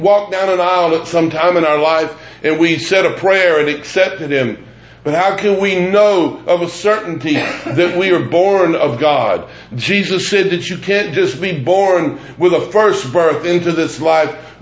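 A man preaching a sermon as pastor, deliberate and emphatic, repeating phrases for weight. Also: high-pitched, roomy sound, lo-fi sound. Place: church sanctuary.

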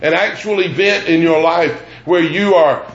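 A man preaching a sermon as pastor, deliberate and emphatic, repeating phrases for weight. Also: fairly high pitch, reverberant, highs cut off. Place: church sanctuary.

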